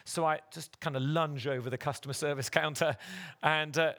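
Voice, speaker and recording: Gravelly-voiced man preaching. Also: a little high, fairly even intonation, normal speed, a bit bright. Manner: earnest, direct exhortation to the congregation. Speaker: pastor. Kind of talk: sermon. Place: church service.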